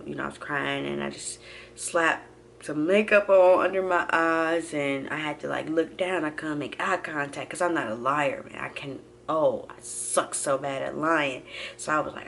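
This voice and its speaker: A young woman telling a personal story to her viewers in a casual, animated way, acting out each quote. Her voice sits a bit low, and a faint noise hangs behind her. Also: gravelly. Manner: animated, acts out quotes, addresses viewers as y'all. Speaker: vlogger.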